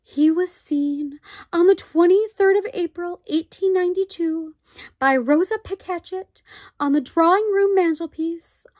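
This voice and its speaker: A woman's voice: extremely high pitch, unhurried, voice pushed up. A woman voicing an anxious, strict tiny borrower mother who talks sharply and fussily in a storybook reading. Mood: scolding. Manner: sharp, scolding, fussy.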